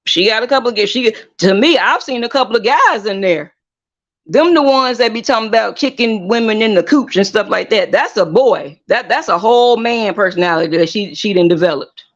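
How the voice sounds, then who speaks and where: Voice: medium pitch, animated, a little fast, fairly bright tone. Gossip channel host rambling on, repeats itself a lot, kinda muffled audio. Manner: chatty, emphatic, many repeated restarts. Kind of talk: casual gossip commentary.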